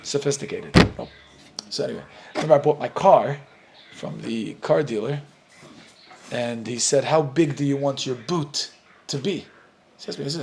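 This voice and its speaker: A middle-aged man with an American accent, a rabbi telling lively stories while teaching a Talmud class and acting out the dialogue. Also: mid-range voice, normal speed, vocal fry, pauses often, slight background noise. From United States. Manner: animated storyteller, acts out dialogue, laughs often.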